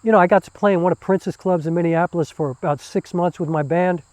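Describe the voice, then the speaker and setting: A man's voice: high voice, fairly even intonation, fast, a little mellow, dry recording, poor audio. A man, a theater performer and former musician, talking casually and enthusiastically with many fillers. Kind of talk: casual interview talk.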